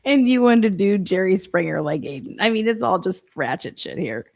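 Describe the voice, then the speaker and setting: A woman's voice: mid-range voice, expressive, normal speed, vocal fry, darkish tone, no room sound. A woman hosting a livestream, mocking a clip and repeating its lines back with laughter. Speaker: livestream host. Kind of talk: mocking reaction commentary.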